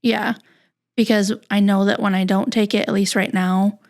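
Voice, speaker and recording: A woman guest on a podcast, telling a personal story in a halting, candid, soft-spoken way. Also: medium pitch, little pitch movement.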